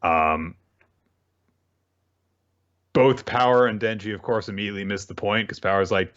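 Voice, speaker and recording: Man, deep voice, casual manga recap, animated, mimics characters, muffled lo-fi sound. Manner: animated, acts out characters' lines in quick voices, laughs often. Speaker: podcast co-host.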